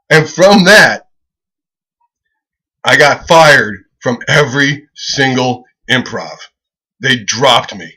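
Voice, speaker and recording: Bright-voiced man laughing through a ramble. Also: mid-range voice, takes it slowly, pauses often, slightly rough, low-quality recording. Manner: keeps laughing at his own jokes; profane, excitable, loose storytelling. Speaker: comedian. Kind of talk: casual rambling monologue pitching a website.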